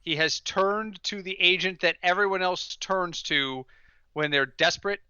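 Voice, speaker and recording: Bright, high-voiced man telling animated stories. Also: a little slow, clean tone, dry recording, dull audio. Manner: animated storyteller, wry and ranting. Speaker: podcast co-host. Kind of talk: casual sports chat.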